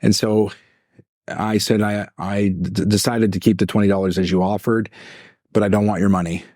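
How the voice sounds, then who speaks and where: A man co-hosting a podcast as a life coach, telling a long story in an animated way, acting out voices and laughing often. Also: on the low side, moderate pace, no echo, studio quality. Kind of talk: casual storytelling chat.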